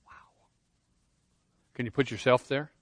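A pastor preaches earnestly at an unhurried pace, his medium-pitched voice steady in tone, with no echo. He swings between loud emphasis and quiet intensity and often repeats words as he begins a phrase.

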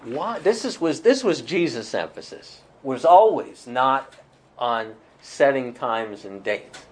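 A man's voice: mid-range voice, expressive, slow. Male Bible study teacher, conversational, thinking aloud, faint background hiss. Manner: thoughtful, with many fillers and restarts.

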